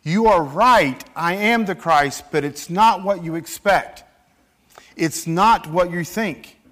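A man's voice: high-pitched, takes it slowly. A man preaching a sermon in a church, acting out scripture quotes as he goes. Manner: animated, acts out scripture quotes. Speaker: pastor.

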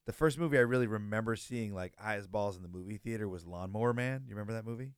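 A man's voice: on the low side, fast, smooth, dry recording, clean studio sound. A man in his forties hosting a podcast, telling a story in laid-back, profane casual talk. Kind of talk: casual conversation.

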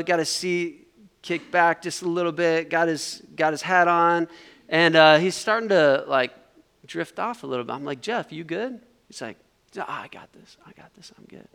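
Speaking at a retreat, a middle-aged man with a medium-pitched voice tells a lively story during his sermon. He takes on the voices of the people in the tale as he goes.

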